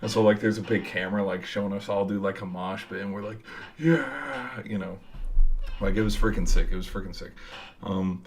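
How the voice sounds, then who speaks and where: A man's voice: sits low, flat delivery, fairly quick. A young man telling a game-day story in a casual, rambling way, swearing freely and filling with "like". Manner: rambling, profane, lots of "like". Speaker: college football fan vlogger.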